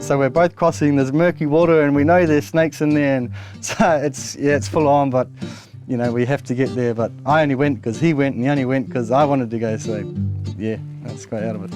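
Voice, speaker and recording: A man's voice: medium pitch, fairly quick. New man telling an anecdote. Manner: animated, acts out dialogue in anecdotes. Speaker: interviewee. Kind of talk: casual storytelling. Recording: music playing under the voice.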